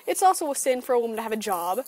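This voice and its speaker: A woman's voice: fairly high pitch, sing-song, rapid-fire, a little mellow, poor audio. Sarcastic, profane woman ranting on webcam. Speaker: vlogger. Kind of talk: webcam opinion rant. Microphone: computer webcam.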